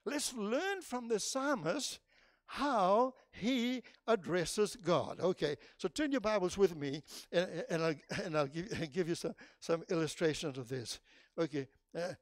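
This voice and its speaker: A male preacher delivering a sermon, swinging from loud, high bursts down to low, quiet asides. He often restarts his phrases mid-thought. The sound is dry and close, with little room echo. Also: unhurried. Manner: emphatic, animated, with frequent restarts. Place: church.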